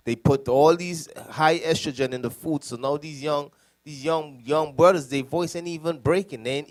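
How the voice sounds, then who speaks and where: Lively deacon with a raised voice. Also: male voice, on the high side. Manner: animated, storytelling with voice impressions and laughs. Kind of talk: preaching panel talk.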